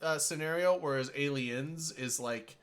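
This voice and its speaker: A man's voice: a little high, a little slow, a bit bright, smooth. A young adult man on a podcast, chatting casually and hesitantly, with many likes and restarts. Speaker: podcast co-host. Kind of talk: casual chat.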